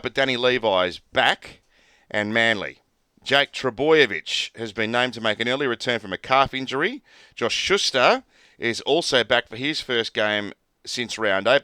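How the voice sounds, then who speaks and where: A hoarse Australian man hosts a sports show, running briskly through the team news in a croaky voice. His tone is bright and forward, and the sound is close and dry. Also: mid-range voice, dry recording.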